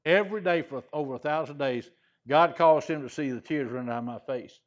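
A slightly high, slightly fast voice belongs to an older pastor from Louisiana, recorded with the highs cut off. He preaches by rambling through a personal story, folksy and repetitive, saying "he said" again and again with plenty of "uh" fillers.

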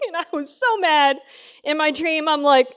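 A woman's voice: sits high, moderate pace, highs cut off. A woman teaching the Bible in a casual, conversational sermon, telling a story with lots of fillers. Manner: chatty storytelling with many fillers.

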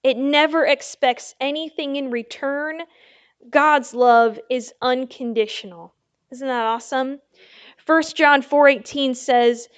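A woman preaching a sermon, slow and emphatic, asking her listeners "Amen?" between points. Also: high voice, clear, resonant tone.

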